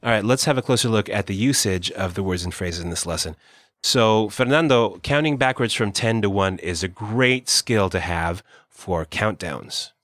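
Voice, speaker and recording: Low-voiced man teaching Spanish words. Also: expressive, a bit bright, dry recording, studio quality. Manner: explanatory, repeats words slowly for learners. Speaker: Spanish teacher, podcast co-host. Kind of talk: conversational language lesson.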